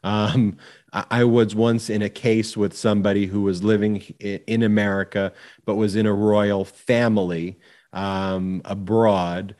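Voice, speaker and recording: A man's voice: fairly low pitch, flat delivery, measured pace, darkish tone. A man co-hosting a law podcast, sharing a legal war story in a casual, somewhat hesitant way with fillers. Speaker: podcast co-host, civil rights lawyer.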